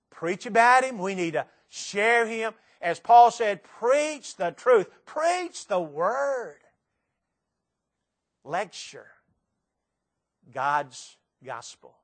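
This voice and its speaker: A high-pitched man with a Tennessee accent preaches a sermon to a church congregation. He's animated and fills his delivery with rhetorical questions.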